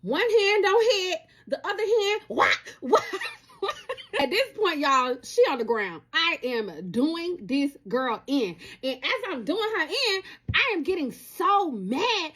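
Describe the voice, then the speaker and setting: A young woman telling a dramatic personal story to her viewers in a casual, animated way. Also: sits high, a little slow. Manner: animated, talks straight to viewers.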